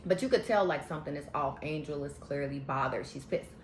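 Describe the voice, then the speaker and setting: A woman's voice: sits low, brisk, slight background noise. A woman recapping a reality show in a casual, sassy, slangy way, giving candid opinions. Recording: echoey room.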